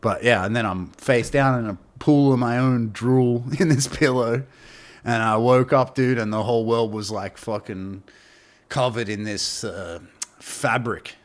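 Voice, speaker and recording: A man's voice: mid-range voice, measured pace. A man telling a long, rambling story as a podcast guest. He laughs often and swears freely in heavy slang. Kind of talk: casual storytelling.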